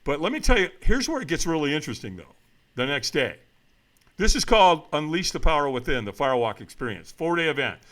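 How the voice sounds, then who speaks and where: Man, middle-aged, podcast guest, dramatic storyteller, lively swooping pitch, bright forceful tone. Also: quick pace. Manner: dramatic retelling, acts out quoted voices, shouts for emphasis. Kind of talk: animated storytelling.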